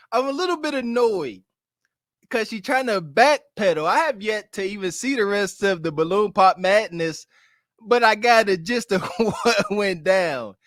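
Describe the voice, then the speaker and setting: High voiced pittsburgh guy co-hosting, teasing, laughs a lot, dry mic. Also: a bit bright, dry recording. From Pittsburgh, United States. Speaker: podcast co-host. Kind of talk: casual podcast chat.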